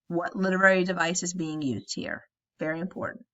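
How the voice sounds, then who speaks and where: A woman's voice: on the low side, brisk, a bit bright, muffled recording. A woman teacher retelling a story in a casual, chatty way and often asking "right?". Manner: chatty, tags statements with "right?".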